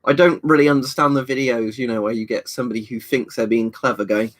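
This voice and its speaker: A man's voice: mid-range voice, steady tone, fast talker, few pauses. A man hosting a casual livestream, rambling easily as he reads out viewers' comments and answers them from a room at home. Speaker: livestream host. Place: indoor storage room at home.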